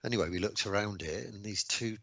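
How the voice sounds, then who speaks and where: A man in his sixties from England, a radio guest recounting old memories casually, with lots of ums and mounting excitement. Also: fairly low pitch, a little fast, gravelly, dry recording. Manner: animated anecdotes, rising excitement, frequent ums. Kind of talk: casual storytelling interview.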